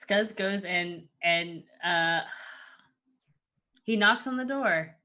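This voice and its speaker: Woman player, slow, bright tone, halting with fillers. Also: fairly low pitch. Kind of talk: casual play narration.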